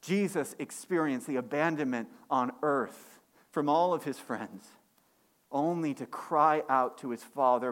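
A man preaching a sermon as pastor, climbing higher and louder on key points and dropping low and quiet in reflective stretches. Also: measured pace. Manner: impassioned, rising in pitch and force on key points; drops to a quiet, low delivery for reflective passages.

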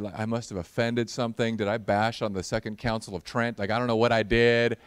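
Guy pastor giving a chatty funny sermon, lowish smooth voice, dry close mic. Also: fairly even intonation, fairly quick, hardly any pauses, no room sound. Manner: casual storytelling with humor, rising to earnest prayer. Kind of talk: conversational sermon.

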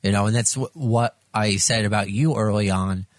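A man's voice: fairly low pitch, normal speed, no echo. A man hosting an interview, asking rambling questions with many restarts. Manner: rambling, repeats words when asking questions. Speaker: interviewer host. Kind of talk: casual interview.

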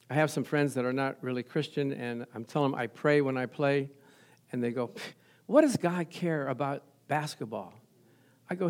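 A male pastor preaching an energetic sermon, often laughing and asking his congregation questions. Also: on the high side.

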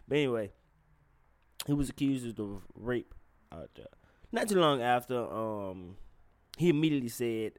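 Male podcast host, casual and blunt, swears freely, mid-pitched, dry close sound. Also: lively intonation, unhurried, long pauses, dry recording. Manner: blunt and profane, talks straight to listeners.

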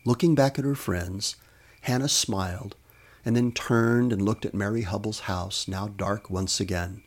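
A man reading his own short story aloud with measured, expressive storytelling as a podcast host. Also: lowish voice. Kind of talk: scripted story narration.

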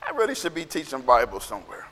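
A man teaching a Bible lesson in a playful, emphatic way, now and then shouting to drive a point home. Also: medium pitch, huge pitch swings, fast, long reverb tail. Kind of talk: animated sermon with acted-out quotes.

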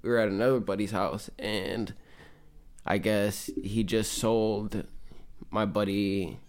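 A man telling an anecdote in relaxed, rambling casual chat. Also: lowish voice, slow pace. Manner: laid-back, rambling, casual storyteller. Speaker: chat partner.

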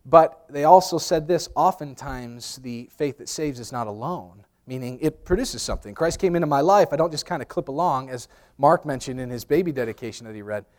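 A man preaching a sermon, telling lively personal stories, acting out voices loudly and often repeating words as he restarts. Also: medium pitch, a little fast. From New York. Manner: animated storyteller, acts out voices loudly. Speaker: pastor. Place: church sanctuary.

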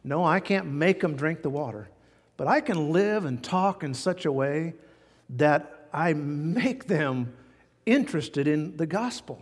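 Folksy preacher with a high voice in a reverberant hall. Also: male voice, a little slow, husky. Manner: folksy, animated, chuckles at his own jokes. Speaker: pastor. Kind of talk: sermon.

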